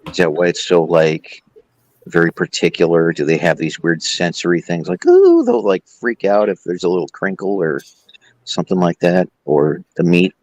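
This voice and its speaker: A man's voice: low-pitched, moderate pace, dry recording, low-quality recording. A man hosting a casual group chat, joking and teasing the others as he riffs. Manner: joking, teasing, animated riffing.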